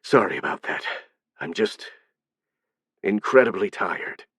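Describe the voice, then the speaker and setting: A man's voice: medium pitch, lively intonation, normal speed, no room sound, close to an everyday voice. A man reading an audiobook, voicing an anxious, weary middle-aged nobleman who speaks sarcastically and insistently. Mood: tired. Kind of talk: audiobook narration.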